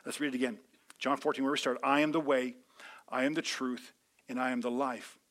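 A man preaching a sermon to a congregation. He speaks to them directly, and his delivery rises from calm teaching to loud, impassioned preaching. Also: medium pitch, fairly quick. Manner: addresses the audience directly, calls for responses. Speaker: pastor. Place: large room with a live congregation.

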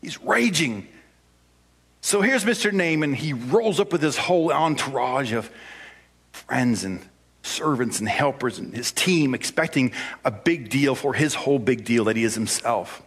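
A man's voice: medium pitch, animated, unhurried, fairly bright tone, breathy edge. A man preaching a sermon, telling the story in a playful, conversational way.

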